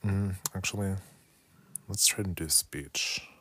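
Soft-spoken guy on a late night livestream, slow and low, drifts into whispers, chats with viewers. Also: husky, dry recording. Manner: chatty with viewers. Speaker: art livestreamer.

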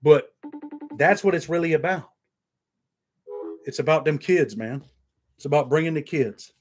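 A man's voice: on the high side, expressive, a little slow, faint music behind. A man hosting his own online show, talking bluntly and earnestly to his viewers and saying "man" at the end of nearly every line. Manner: blunt, heartfelt, says "man" constantly. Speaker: YouTube show host. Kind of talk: casual straight-talking monologue to camera.

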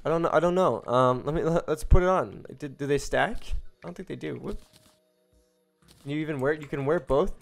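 A young man giving casual, rambling commentary as he streams a video game, breaking into excited exclamations and cutting himself off mid-sentence. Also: fairly high pitch, a little fast, vocal fry. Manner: chatty and rambling, with excited exclamations and self-interruptions. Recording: faint game music behind.

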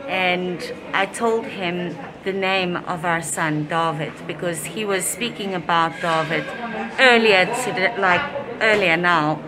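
A young pregnant woman chats in a casual vlog about her morning at the hospital, heartfelt and reflective, partly outdoors. Her voice is fairly low in pitch and she takes it slowly, with a crowd audible in the background.

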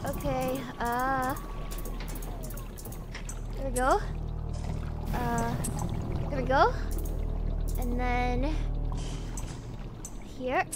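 A woman's voice: high-pitched, fairly even intonation, drawn-out words, long pauses, loud music behind the voice. A woman streaming a game, chatting casually and teasingly, and giggling as she thanks donors.

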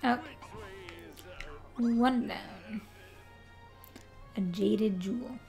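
A woman's voice: mid-range voice, extremely slow, gravelly, a little mellow, faint music behind. A young woman chatting to herself as she plays a video game on a live stream. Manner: chatty, talks to herself while playing. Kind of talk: live-stream gameplay commentary.

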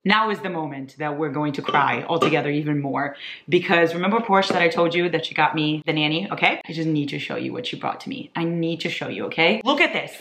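A young woman in her twenties chatting casually as a vlogger, gushing and excitable, laughing often. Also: deep voice, brisk, echoey room, slight background noise. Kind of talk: casual chat.

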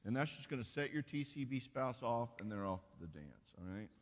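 A man leading a marriage conference session, folksy and animated, acting out quoted spouses. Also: medium pitch, a little fast. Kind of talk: conference sermon. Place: church auditorium. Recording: long hall reverb.

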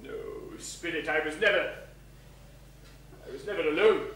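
A man playing a wistful old male miser in a one-man stage show, reminiscing in a halting way. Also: on the high side, fairly bright tone, a little hiss or hum, natural voice. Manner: hesitant, reminiscing. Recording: echoey theatre stage, mic far off.

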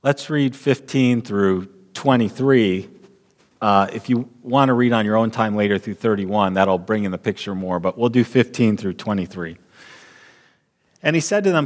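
A man preaching a sermon as pastor in a church sanctuary, measured and deliberate, repeating key lines for emphasis. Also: fairly low pitch, in a large hall.

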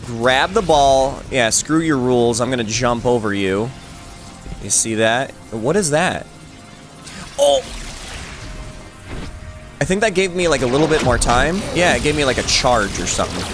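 A young man giving excitable game commentary, laughing and talking back at the game as he plays. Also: mid-range voice, moderate pace, faint music behind. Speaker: gaming YouTuber.

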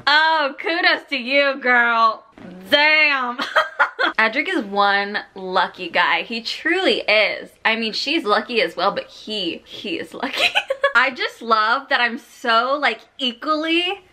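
Woman vlogger reacting to her reading, giggly and effusive, drawn-out delivery with a bright voice. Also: on the high side, lively intonation. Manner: giggly and gushing, laughs often; heavy use of "like" fillers. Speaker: book vlogger. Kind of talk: casual reading vlog.

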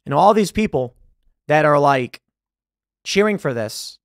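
Emphatic high-voiced male commentator. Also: expressive, measured pace, vocal fry, dry recording, clean studio sound. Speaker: show host. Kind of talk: political commentary.

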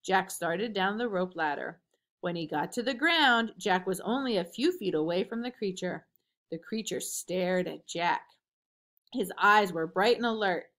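Animated woman reading a children's story. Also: medium pitch, unhurried. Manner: expressive, animated. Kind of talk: children's read-aloud with questions.

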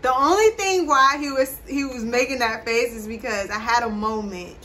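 Bright-voiced chatty young woman vlogger. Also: a little high, moderate pace, slight background noise. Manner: chatty, animated, addresses viewers. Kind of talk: casual storytelling to camera.

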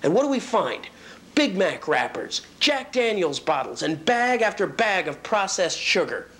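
A hefty, disgruntled male raccoon, put on by a man telling the story, snarls at humans in a gruff, sneering voice. His tone lurches between low growls and high, indignant squawks. He is a comic-story villain, full of contempt and threat. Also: very animated, a little slow, heavily acted. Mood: ranting. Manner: ranting, with sharp swings in pitch and loudness.

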